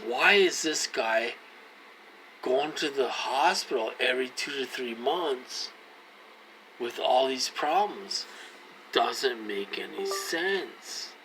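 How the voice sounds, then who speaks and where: A man's voice: medium pitch, expressive, slow pace, music in the background, rough recording. A man in his forties talking straight to his viewers, earnest and pleading, circling back to the same points over and over. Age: 40s. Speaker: vlogger. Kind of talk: casual direct-to-camera talk.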